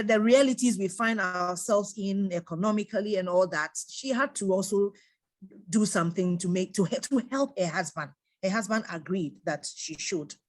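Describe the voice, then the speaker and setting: Middle-aged woman telling a story. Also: medium pitch. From Ghana. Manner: animated storytelling, repeats phrases. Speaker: guest speaker. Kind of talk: religious advice talk.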